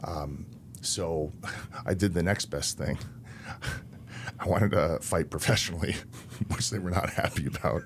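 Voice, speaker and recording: A man in his thirties, a wrestler and interview guest, telling stories in a relaxed, anecdotal way with laughs between lines. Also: sits low, slow pace, pauses often, slight background noise. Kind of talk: casual interview storytelling.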